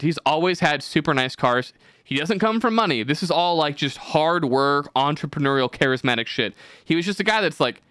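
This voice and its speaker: A man's voice: medium pitch, fairly bright tone, clean tone, no echo, clean studio sound. A man hosting a casual podcast, telling rambling, profane stories with lots of fillers. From California. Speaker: podcast host.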